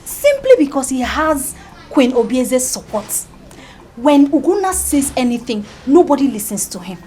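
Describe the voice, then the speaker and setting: A vengeful young woman with a high, lively voice. She talks with bitter resentment. Faint noise lies behind the film audio. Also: normal speed. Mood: resentful. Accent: Nigerian. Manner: resentful, vowing revenge. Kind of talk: film drama acting.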